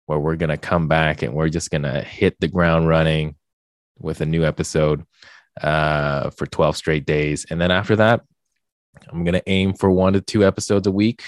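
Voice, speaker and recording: Young guy podcast host, super low voice, rambly with lots of ums, dead dry mic. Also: moderate pace, no room sound. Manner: rambling, filler-heavy, gets animated when joking. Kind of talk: casual podcast chat.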